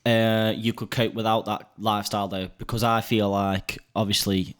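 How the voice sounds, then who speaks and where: A young man with a Stoke accent, chatting casually as a podcast host and telling lively stories, swearing and laughing often. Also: on the low side, normal speed, clear, resonant tone. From Stoke-on-Trent, England. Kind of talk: casual chat.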